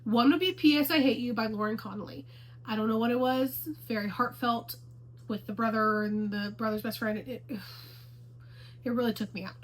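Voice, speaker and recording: A woman's voice: on the high side, steady tone, moderate pace, low-quality recording. A woman chatting casually to the camera about books she loves. She gushes and repeats herself for emphasis. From Houston, Texas area. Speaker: book vlogger.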